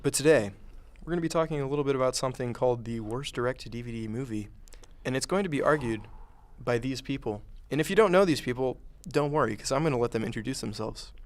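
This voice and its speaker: A man's voice: medium pitch, fast talker, hardly any pauses. A young man hosting a student debate show, casual and wry, teasing his panelists. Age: young adult. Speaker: host.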